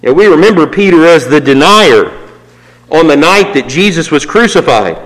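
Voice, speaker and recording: A man preaching a sermon, swinging from raised emphatic lines to low, quiet asides. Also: lively intonation, moderate pace. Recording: long reverb of a hall.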